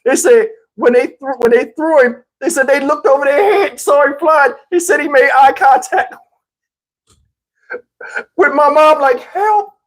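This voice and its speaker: Man from New Jersey, casual storyteller, chuckling, animated and rambling. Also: very high-pitched, a little slow, rough recording. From Camden, New Jersey, US. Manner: chuckles often while telling the story. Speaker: channel host.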